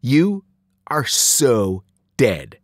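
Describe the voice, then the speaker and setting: A man voicing a sneering teenage boy bully who taunts loudly. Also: medium pitch, very animated, very slow, dry recording, studio quality, full character voice. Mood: taunting. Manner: jeering, loud.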